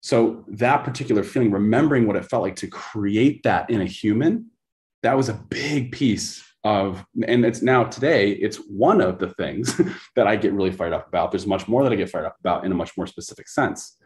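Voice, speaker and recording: A man's voice: on the low side, animated, moderate pace, darkish tone. A man speaking as a coach in an interview, telling stories intensely and repeating phrases for emphasis. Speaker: podcast guest, coach. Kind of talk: conversational interview storytelling.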